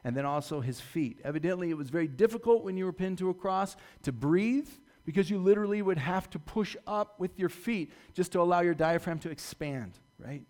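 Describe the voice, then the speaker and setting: A man preaching a sermon, retelling a story dramatically and swinging from loud to hushed delivery. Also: sits high, animated, fairly quick, hardly any pauses. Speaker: pastor.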